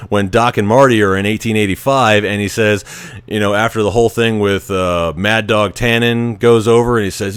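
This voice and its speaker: A man's voice: on the low side, steady tone, moderate pace, clear, resonant tone, dry recording. A man hosting a show, chatting casually about a film, rambling and often restarting his sentences. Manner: rambling, restarts often, acts out quoted lines. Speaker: podcast host. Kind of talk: casual movie commentary.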